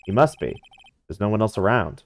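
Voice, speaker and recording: A man's voice: lowish voice, expressive, a little fast, gravelly. A man voicing a wry, easily exasperated young lawyer in a game fan dub, talking in a dry, sarcastic way.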